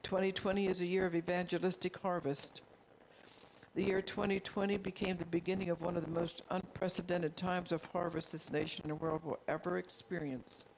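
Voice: medium pitch, little pitch movement, fairly quick, creaky, a little hiss or hum. A pastor delivering a sermon in an earnest, confessional way, calling out to the congregation. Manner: earnest, confessional preaching with call-outs to the congregation.

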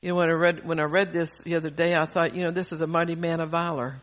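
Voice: mid-range voice, level tone, fast, a bit bright. An earnest preacher and parent delivers a sermon, reading long psalm passages aloud. The voice gathers force on the key lines, and phrases often break off and restart. It sounds like real pulpit talk, not a polished reading. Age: adult parent. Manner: stumbles and restarts mid-phrase.

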